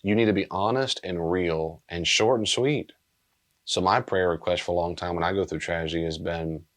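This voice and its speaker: A man speaking as a pastor and counselor, earnest and gentle, often repeating key phrases as he teaches. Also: low voice, moderate pace.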